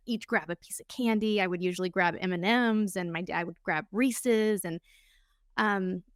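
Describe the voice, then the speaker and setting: A woman's voice: mid-range voice, no echo, studio quality. A woman in her thirties hosting her podcast alone, telling her story in an earnest, candid and openly emotional way. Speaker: podcast host. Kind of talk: solo podcast monologue.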